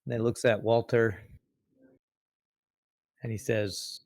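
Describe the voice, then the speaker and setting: Low-voiced man playing a tabletop game. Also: level tone, takes it slowly, pauses often, darkish tone, no echo. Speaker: player. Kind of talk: casual tabletop game narration.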